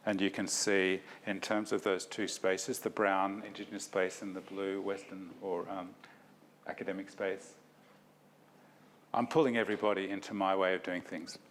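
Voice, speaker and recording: A man's voice: deep voice, a little hiss or hum. A man giving an academic talk, reflective and self-deprecating, in a lecture hall.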